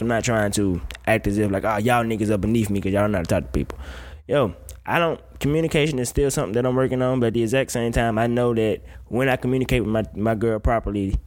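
A young man hosting his own podcast, giving blunt, profane relationship advice in casual talk. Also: medium pitch. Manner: blunt, profane, preachy, laughs often. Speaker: podcast host. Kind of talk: casual solo podcast rant.

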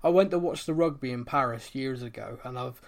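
A man's voice: medium pitch, fairly quick, creaky. A man from England co-hosting a casual football podcast, telling a jokey anecdote. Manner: storytelling, jokey, animated. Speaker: podcast co-host. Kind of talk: casual chat.

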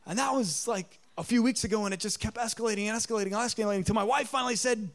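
A man in his thirties preaching a sermon, telling a story in an animated way and acting out the voices in it. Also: high-pitched, racing, creaky. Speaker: pastor.

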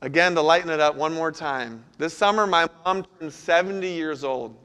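A man's voice: a little high, normal speed, sharp tone, clean tone. A man preaching a sermon as pastor, earnest, reading scripture and sometimes voicing pleading prayers.

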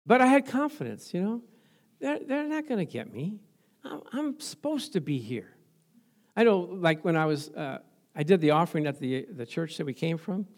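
Middle-aged pastor guy preaching, kinda high voice, laughs and hallelujahs as he tells stories. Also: moderate pace. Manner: animated storytelling with laughs and praise interjections. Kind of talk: sermon.

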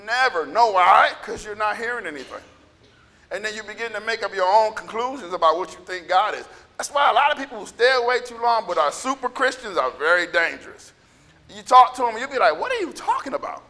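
Scratchy high-voiced preaching man. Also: lively intonation, brisk. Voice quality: scratchy, gravelly. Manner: impassioned preaching, bursts of shouting. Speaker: pastor. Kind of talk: sermon. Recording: echoey hall reverb.

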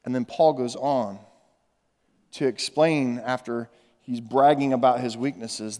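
A pastor preaching a sermon, earnest and animated, with phrases repeated for emphasis. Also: male voice, mid-range voice. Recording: echoey hall with long reverb.

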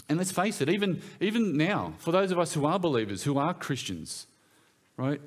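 Lively conversational male preacher. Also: on the high side. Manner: conversational, asks the listeners questions. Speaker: pastor. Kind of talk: sermon. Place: church.

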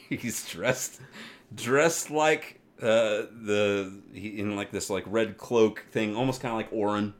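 A man co-hosting a podcast, chatting casually and getting animated as he retells a game story, swearing freely. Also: lowish voice, takes it slowly. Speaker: podcast co-host. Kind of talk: casual chat about games and anime.

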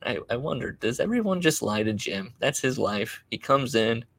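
A man hosting a podcast, telling a story in a wry, self-deprecating way with many halting fillers. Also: mid-range voice, sing-song. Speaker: podcast host. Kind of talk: casual storytelling monologue.

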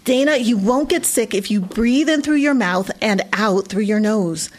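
A woman's voice: fairly high pitch, animated, moderate pace. Woman doing Roderick, a huffy bookish boy. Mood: indignant. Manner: indignant, huffy. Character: prickly bookish schoolboy.

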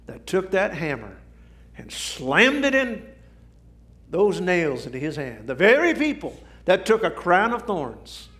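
A man preaching a sermon, swinging from shouting to near whisper for drama. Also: on the high side. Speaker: pastor.

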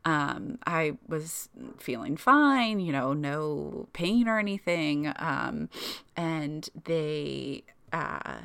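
A woman's voice: deep voice, animated, very slow, vocal fry, a bit bright, clear, resonant tone. A young woman casually telling her own birth story, chatty and emotional, full of fillers.

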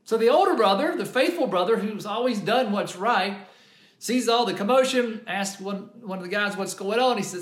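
A man's voice: high voice, lively intonation, moderate pace. A man preaching a sermon as a pastor, retelling a parable in an earnest storytelling manner with frequent restarts. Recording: roomy echo.

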